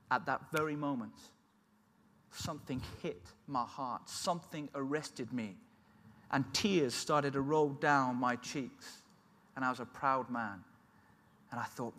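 A man's voice: mid-range voice, moderate pace, sharp tone. A middle-aged man giving an emotional personal testimony as a sermon, telling his story earnestly. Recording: long hall reverb.

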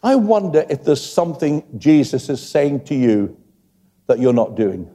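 A man's voice: medium pitch, very animated, a little slow, dark tone. An older man preaching a sermon and making chatty joking asides to the congregation. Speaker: pastor. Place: church hall. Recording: long church hall reverb.

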